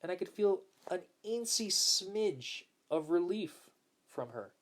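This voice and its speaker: A man hosting a casual spiritual talk, speaking gently and smoothly, repeating words for emphasis and reading viewer comments aloud. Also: animated, slow. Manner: acts out quoted lines in a higher voice. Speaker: host.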